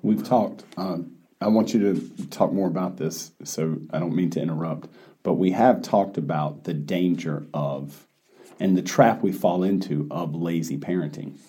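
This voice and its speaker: Deep, very dark-voiced male podcast host. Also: normal speed. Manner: thoughtful questioning with brief affirmations. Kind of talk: podcast interview.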